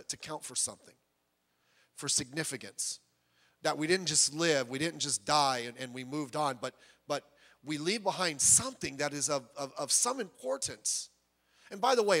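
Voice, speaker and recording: A man preaching a sermon, animated and storytelling, acting out the voices of the people he quotes. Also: fairly high pitch. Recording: long hall reverb.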